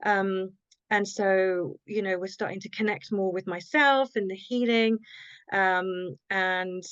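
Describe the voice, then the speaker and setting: A woman, a guest author telling a personal story in a reflective, halting way and often quoting her own thoughts. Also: mid-range voice, fairly even intonation, fairly bright tone, clean tone, dry recording. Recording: dull lo-fi sound, dry.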